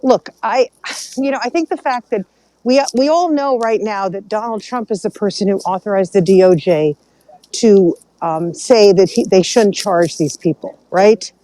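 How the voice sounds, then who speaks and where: A woman speaking on a casual online panel, measured and thinking aloud. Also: medium pitch, dark tone, no room sound, low-quality recording.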